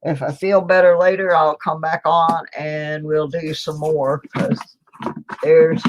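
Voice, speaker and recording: Middle-aged woman, home vlogger, easy rambling chat, slow and low. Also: little pitch movement, a little hiss or hum. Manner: chatty and rambling, with small laughs. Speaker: coin roll hunting vlogger. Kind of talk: casual chat to viewers. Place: home, indoors.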